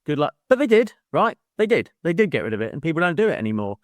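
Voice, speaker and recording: A man's voice: a little high, sing-song, racing, dry recording. Dry-sounding man in chatty podcast talk. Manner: swears freely, laughs mid-sentence, mimics people in quotes. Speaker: podcast co-host. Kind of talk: casual book-club chat.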